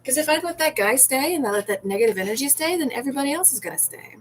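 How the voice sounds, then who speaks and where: A woman's voice: high voice, expressive, racing, slight background noise, low-quality recording. A woman bartender chatting casually to viewers on a livestream, laughing often and swearing freely. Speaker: bartender and comedian hosting a livestream.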